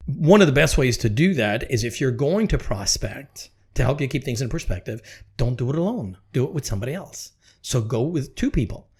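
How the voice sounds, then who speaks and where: Animated man, lively and emphatic. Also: mid-range voice, fairly quick. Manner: animated, emphatic, repeats phrases. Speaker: podcast guest, real estate executive. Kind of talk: podcast conversation.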